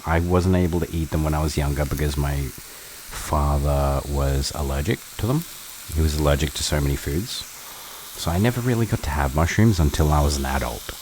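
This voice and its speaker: A man's voice: rumbling low, slight background noise, rough recording. A man hosting a live cooking stream. He chats casually with his viewers while he cooks in his kitchen and swears now and then. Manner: relaxed, chatty, answers chat while cooking, swears casually. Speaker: livestream cooking host. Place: home kitchen.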